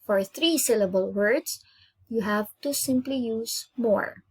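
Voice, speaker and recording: A woman with an Indonesian accent, pitched fairly high and a little breathy, teaches an online grammar lesson. She speaks patiently and spells things out, repeating each example slowly so learners can follow. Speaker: English teacher.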